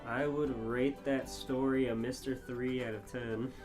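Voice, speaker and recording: A man co-hosting a comedy podcast, reading fan fiction aloud with mock drama and bursts of shouting. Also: mid-range voice, flat delivery, unhurried, over music. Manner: reads aloud with sudden loud shouted quotes and laughs.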